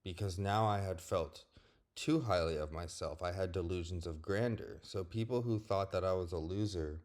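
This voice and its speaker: Deep-voiced man, candid and profane. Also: moderate pace, darkish tone. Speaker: vlogger. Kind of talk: personal monologue.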